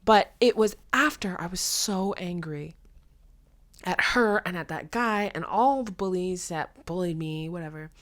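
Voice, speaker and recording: A young woman hosting a casual solo podcast, telling a story and giving blunt, animated advice in which she acts out voices. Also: a little slow. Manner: animated storytelling, acts out quoted voices with big pitch jumps; frank and blunt, with mild swearing. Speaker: podcast host.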